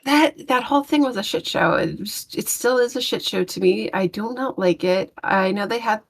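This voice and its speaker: A woman's voice: mid-range voice, normal speed, gravelly, slight background noise. A woman co-hosting a podcast who rambles through a casual, exasperated rant, full of fillers and restarts, with blunt swearing. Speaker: podcast co-host.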